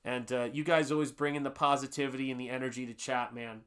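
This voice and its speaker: At a quick pace, his medium-pitched voice stays level, slightly bright, and clean as this middle-aged American paints on a casual livestream. He chats in a chummy, rambling way, restarting himself and reading viewer comments out loud.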